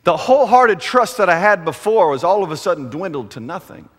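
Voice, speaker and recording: Brief: middle-aged male pastor, animated and bright, preaching in a long-echo hall. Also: sits high, a little fast. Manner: chatty storytelling with humor. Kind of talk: sermon. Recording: echoey hall.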